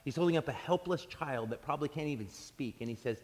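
A male pastor preaching in a slightly high voice. He tells stories in an animated way and keeps restarting his sentences. His voice rings out with a long reverb from a large church hall. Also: quick pace. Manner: animated storytelling with frequent restarts. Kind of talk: sermon.

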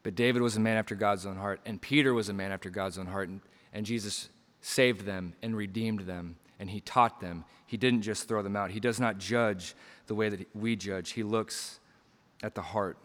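A man preaching a sermon with passion, surging to loud emphasis and dropping to quiet lines, acting out quoted voices as he tells stories. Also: on the low side, fairly even intonation, moderate pace, long reverb tail. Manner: impassioned, swings between loud emphasis and quiet drops; acts out quoted lines in storytelling asides.

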